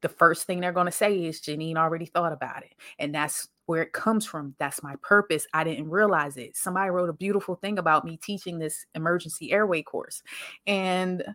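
Animated woman podcaster telling stories. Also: on the low side, fairly quick, no room sound, studio quality. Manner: animated storyteller, acts out quoted voices, laughs often. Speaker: podcast host. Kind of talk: casual motivational monologue.

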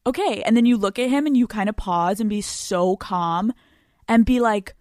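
A woman's voice: a little high, fairly quick, a little mellow, no echo, clean studio sound. A young woman hosting a solo podcast, giving frank advice in a brash, profane, laughing way and reading out listener letters. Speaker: podcast host.

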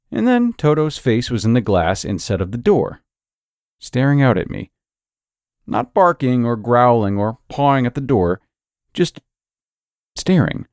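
A man reads a scary story aloud in a measured, suspenseful way. His voice sits low with a gravelly texture and moves through a lively pitch range. The recording is dry and close. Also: dry recording. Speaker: narrator. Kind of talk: scripted horror story narration.

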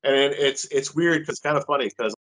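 A middle-aged man telling a story as an interview guest, animated and casual, with a little swearing. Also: mid-range voice, fairly quick, low-quality recording.

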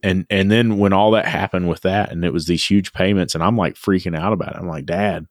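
A man's voice: sits low, steady tone, quick pace, dry recording, studio quality. A man co-hosting a podcast, telling a long personal story in a reflective, repetitive way. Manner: reflective storytelling, repeats words as he thinks. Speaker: podcast co-host. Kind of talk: casual podcast chat.

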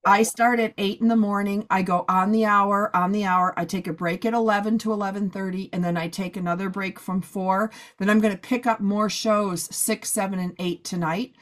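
A woman hosting a podcast, chatting casually and a bit hoarse after a long day of recording. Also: mid-range voice, steady tone, normal speed, few pauses. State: hoarse, losing her voice. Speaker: podcast host. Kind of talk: casual chat.

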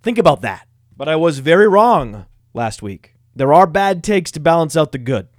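Self-mocking fantasy football podcast host. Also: male voice, a little high, normal speed, dry recording, studio quality. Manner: boastful, self-mocking, energetic.

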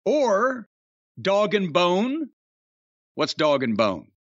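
Middle-aged male host, profane and rambling, high lively voice on a dry, dull recording. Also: drawn-out words, no room sound. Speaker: podcast host. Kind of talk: casual chat.

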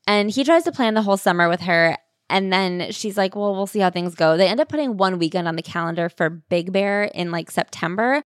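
A woman's voice: mid-range voice, no echo. Wry woman co-host, dry mic. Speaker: podcast co-host. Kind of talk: casual book-recap chat.

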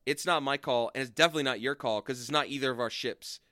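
A man's voice: mid-range voice, quick pace, bright, forceful tone, no room sound, studio quality. A man co-hosting a podcast in casual comedic chat, laughing often and swearing freely. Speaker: podcast co-host.

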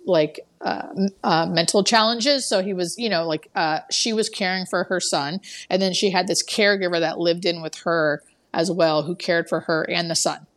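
Chatty woman nurse telling a story on a call. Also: fairly low pitch. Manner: chatty, full of fillers, acts out quoted dialogue. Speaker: hospice nurse. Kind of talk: casual storytelling interview. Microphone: remote call audio.

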